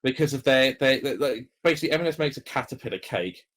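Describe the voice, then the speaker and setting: A man co-hosting a casual podcast. He tells stories in a rambling, halting way, full of ums and restarts, in a voice of everyday pitch. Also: lively intonation, fairly bright tone. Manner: rambling, halting storyteller with many fillers. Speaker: podcast co-host. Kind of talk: casual chat.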